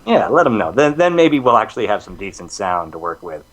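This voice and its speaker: A man's voice: fairly low pitch, sing-song, brisk. Joking, rambling male co-host. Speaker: radio show co-host. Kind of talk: casual radio banter.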